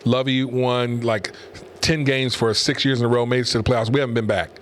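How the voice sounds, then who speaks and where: A man's voice: medium pitch, little pitch movement, a little fast. A middle-aged man hosting a talk show and giving opinionated, rambling commentary in a conversational way. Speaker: host and pastor. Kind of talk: casual commentary podcast.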